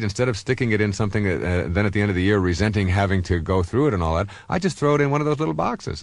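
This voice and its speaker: A deep-voiced man in his fifties gives a self-help lecture and leans on personal anecdotes. He speaks in an animated, swooping way, stumbling through fillers and restarts. The recording is dry and close, with no room sound. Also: no echo.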